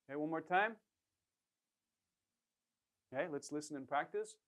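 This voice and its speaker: A man's voice: a little high, measured pace, a bit bright. A man with a slightly raised voice leads a beginner language lesson. He talks in patient, encouraging teaching drills, prompting the listener to say each phrase again and praising each try. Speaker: Korean language instructor.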